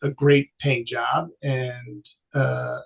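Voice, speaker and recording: A man's voice: medium pitch, flat delivery, drawn-out words, creaky. A children's author in casual conversation, a man with an easygoing, self-deprecating way of talking. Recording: dull lo-fi audio.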